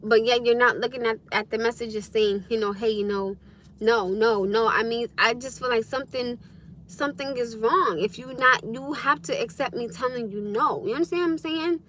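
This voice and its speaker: A woman's voice: fairly high pitch, normal speed, fairly bright tone, a little hiss or hum. A woman hosting a casual livestream, talking bluntly and animatedly to her viewers and swearing freely. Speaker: livestream host.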